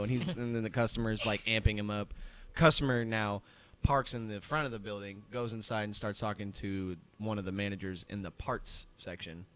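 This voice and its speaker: A young man with a somewhat low voice, talking with friends on a podcast. He tells his story with animation and slips into the voices of everyone in it. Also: fairly quick, few pauses, slight background noise. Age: young adult. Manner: animated storyteller acting out quotes. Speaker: podcast co-host. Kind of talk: casual chat.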